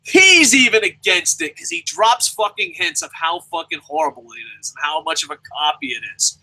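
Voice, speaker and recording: Young guy ranting about wrestling, swears nonstop, husky voice that swings all over the place. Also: on the high side, lively intonation, normal speed, bright, forceful tone, poor audio. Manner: swears constantly, rants, mimics people mockingly. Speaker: wrestling show reviewer. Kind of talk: profane ranting review.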